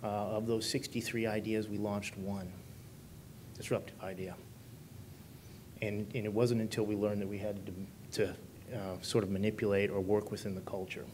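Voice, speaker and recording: A man with a somewhat low voice gives a talk in a conference room, putting questions to the audience and reacting to their answers. A faint rumble sits under the recording. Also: little pitch movement, moderate pace, a little mellow. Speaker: conference speaker. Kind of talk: conference presentation.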